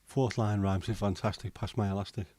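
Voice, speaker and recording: A middle-aged man, hosting a relaxed livestream and chatting with viewers in a jokey, rambling way. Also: on the low side, brisk, no echo. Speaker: livestream host. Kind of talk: casual chat reading viewer comments.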